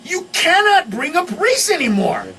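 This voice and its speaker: A male comedian riffing as a guest on a radio morning show, shouting punchlines and laughing through his rants. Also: very high-pitched, huge pitch swings, normal speed, distant mic. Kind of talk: loud stand-up style riffing. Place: radio studio.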